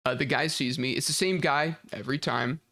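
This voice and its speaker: A man's voice: medium pitch, fairly quick, sharp tone, dry recording. A young man, chatting casually as a game streamer and rambling through a story. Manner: rambling storytelling, acts out quoted voices, laughs often. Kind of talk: casual chat while gaming. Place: home streaming setup.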